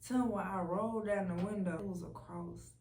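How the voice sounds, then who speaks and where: A young woman giving an emotional personal testimony, candid and blunt, often dropping to a soft, low voice. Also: fairly even intonation, a little fast. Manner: candid, blunt, swears freely. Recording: roomy echo from a distant mic.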